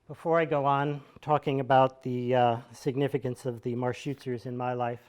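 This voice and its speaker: An American man in his fifties gives a conversational storytelling monologue to an audience in a small theater, with wry, digressive asides and chuckles. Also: medium pitch. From United States. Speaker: solo performer speaking to an audience.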